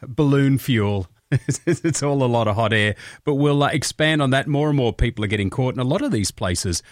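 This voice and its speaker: A man's voice: mid-range voice, normal speed, no echo, clean studio sound. An Australian man hosting a breakfast radio show, chatting in a jokey way and laughing at his own asides.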